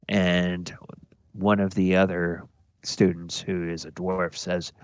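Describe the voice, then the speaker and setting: A man running a tabletop game as dungeon master, narrating in a relaxed, unhurried way with many fillers. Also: deep voice, clean tone, no room sound.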